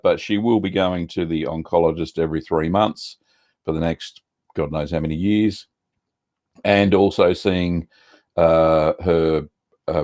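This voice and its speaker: A middle-aged Australian man hosting a casual livestream chat, relaxed and rambling with lots of ums and uhs. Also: sits low. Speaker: cheese-making livestream host.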